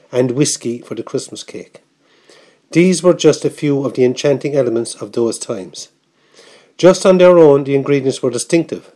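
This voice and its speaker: A man from Cork reads his memoir piece aloud, savouring each remembered detail. His voice is mellow and warm at a middle pitch. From Cork, Ireland. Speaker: author reading his piece.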